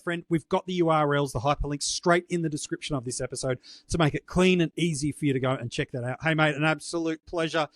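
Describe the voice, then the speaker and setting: Upbeat Australian podcast host, slightly high. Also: male voice, fast talker, hardly any pauses, dry recording, studio quality. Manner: upbeat, chatty sign-off patter. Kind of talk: podcast hosting.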